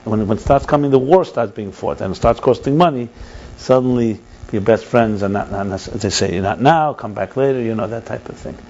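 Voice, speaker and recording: Animated rabbi teaching a text class. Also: male voice, fairly low pitch, brisk, dull audio. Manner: animated, repeats and restarts words, mixes in Hebrew terms. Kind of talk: text study lesson.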